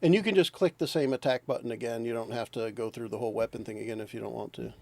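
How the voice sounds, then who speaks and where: A man running a tabletop game as game master, relaxed and laughing, thinking aloud as he checks the rules. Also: mid-range voice, quick pace, vocal fry, no echo.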